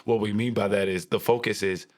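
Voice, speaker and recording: A young adult man co-hosting a podcast in casual chat, animated and jokey with a preacher-like emphasis. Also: fairly low pitch, brisk. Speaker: podcast co-host.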